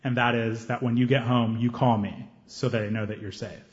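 A man putting on a gentle older host. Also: mid-range voice, little pitch movement, fairly quick, pitched below the performer's own voice, lightly acted. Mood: earnest. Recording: roomy, slightly dull live recording.

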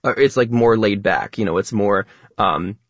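A man talking quickly as a radio guest, explaining ideas at length in a casual way. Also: fairly low pitch, dry recording, highs cut off. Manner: fast talker, explains at length.

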